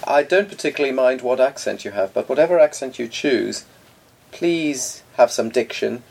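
Man, podcast co-host; gravelly, fussy about diction, opinionated. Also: medium pitch, animated, moderate pace, a little mellow. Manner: pedantic, opinionated, articulate. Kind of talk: casual chat.

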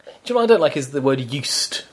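A man's voice: medium pitch, lively intonation, fast, slightly rough. Playful British man, fussy about words. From Britain. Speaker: podcast co-host. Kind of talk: casual chat.

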